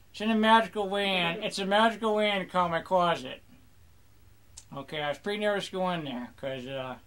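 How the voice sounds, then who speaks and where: Young man, gamer, high voice, crude jokes, mock pirate talk, casual gameplay commentary. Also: fairly bright tone.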